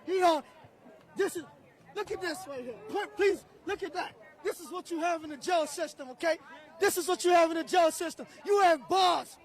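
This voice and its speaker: A man protesting on a city street, angry and shouting, repeating himself. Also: very high-pitched, normal speed, faint music behind. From outside the United States. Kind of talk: impassioned street interview. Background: crowd.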